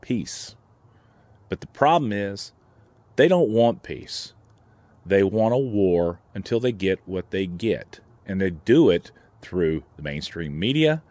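On his own gun channel, a man vents in a heated, indignant commentary vlog, frequently starting over. His voice is low, sing-song and slow, with a darkish tone, and the recording is dry.

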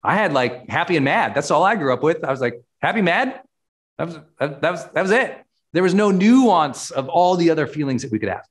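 A middle-aged man giving a motivational talk as a personal development coach, stressing key words by slowing down. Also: a little high, animated.

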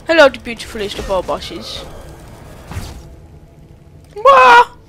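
A gamer giving let's-play commentary, excitable and quickly exasperated, talking back to the game as they play. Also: mid-range voice, faint music behind. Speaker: gamer playing through a game.

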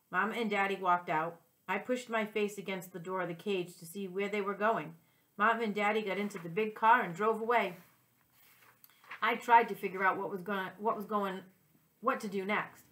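A second-grade teacher reads a children's chapter book aloud in a gentle, clear storytelling voice, her pitch in the middle range. She keeps a steady tone at normal speed and fixes the occasional slip as she goes.

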